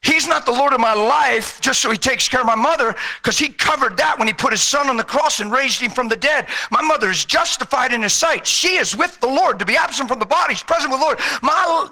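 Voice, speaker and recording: A male preacher with a very high, piercing, bright voice gives a fervent sermon. He exhorts with rising force, then drops low and intense. His delivery is urgent and insistent. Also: lively intonation, a little fast, hardly any pauses.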